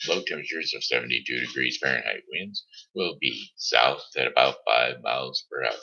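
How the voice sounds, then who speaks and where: Gravelly, very deep-voiced man hosting. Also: expressive, brisk, pushed and bright, muffled recording, a little hiss or hum. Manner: stammers and restarts, reads names aloud. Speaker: host of a homemade live show. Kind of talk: casual live show with shout-outs and weather. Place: home setting.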